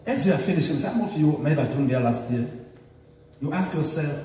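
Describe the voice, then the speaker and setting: A man with a high, animated voice preaches an emphatic sermon, repeating his points and prompting the congregation to respond. His voice is picked up from some distance and rings through a large, echoey hall. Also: a little fast, a little hiss or hum. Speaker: bishop preaching.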